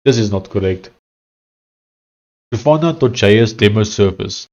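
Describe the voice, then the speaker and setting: A young man talks casually through a live coding stream, voice sitting a little low. He thinks out loud, trails off mid-sentence and fills the gaps with "um" and "uh" as he reads the chat. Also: animated, moderate pace, muffled recording. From South Africa. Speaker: live-streaming software developer.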